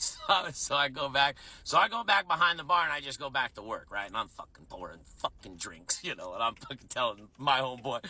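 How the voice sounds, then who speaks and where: A man's voice: mid-range voice, sharp tone, no echo. A man who works as a bartender, telling a rambling, profane, self-mocking story in a casual way.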